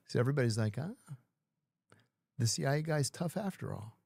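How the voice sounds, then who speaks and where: A man's voice: mid-range voice, brisk, creaky, husky, no echo. Man, middle-aged, podcast guest, acts out dialogue, dry close sound. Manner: animated storytelling, acting out other people's lines. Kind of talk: casual storytelling.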